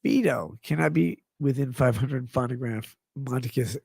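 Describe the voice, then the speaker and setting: Gravelly, husky-voiced male streamer. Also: mid-range voice, normal speed, darkish tone, no room sound. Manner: profane, rambling, jokey; reads chat messages aloud. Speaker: livestream host reading chat. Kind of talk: casual rambling stream chat.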